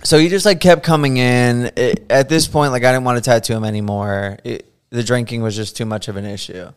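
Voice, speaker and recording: A man at a middle, ordinary pitch tells a casual story on a podcast. He talks freely and easily, and his voice lifts and breaks into laughter as the story builds. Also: a little fast, clear, resonant tone. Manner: animated, laughing, acts out quotes. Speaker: podcast guest.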